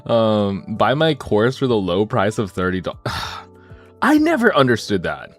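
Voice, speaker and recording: Male streamer, casual and jokey, wildly expressive pitch over a low base. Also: unhurried, faint music behind. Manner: animated, jokey, swings between mumbling and high excited bursts.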